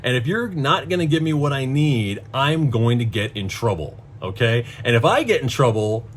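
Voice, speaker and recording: A man's voice: medium pitch, normal speed, slight background noise. A middle-aged man telling a story in a casual rant, profane and exasperated. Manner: profane, exasperated, animated storytelling with voiced quotes. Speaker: vlogger.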